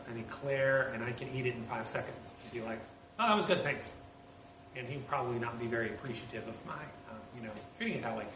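A man preaching a sermon as a pastor, earnest and conversational, lifting his voice to stress key points. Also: mid-range voice. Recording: roomy with background noise.

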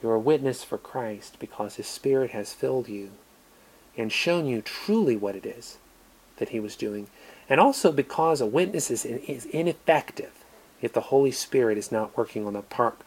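An American man preaching a sermon, earnest, moving between emphatic lines and quiet ones. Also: mid-range voice, expressive, moderate pace, slightly rough. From United States.

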